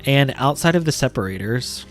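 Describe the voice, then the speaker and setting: A man's voice: medium pitch, expressive, a little fast, soft background music. Playful, rambling man hosting a build vlog. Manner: playful, self-mocking, rambling asides. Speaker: LEGO building channel host. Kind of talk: casual chatty build vlog.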